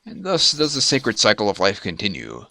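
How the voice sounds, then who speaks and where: A man's voice: lowish voice, wildly swooping pitch, moderate pace, gravelly, sharp tone, exaggerated voice. A man voicing a sullen, maimed male giant spider in a game, grumbling and sulky.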